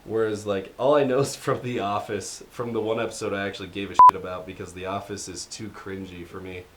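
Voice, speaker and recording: A man's voice: on the low side, fairly even intonation, fairly quick, very noisy. Rambling young man, casual podcast chat. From United States. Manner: rambling, jokey, trails off quietly. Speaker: podcast co-host.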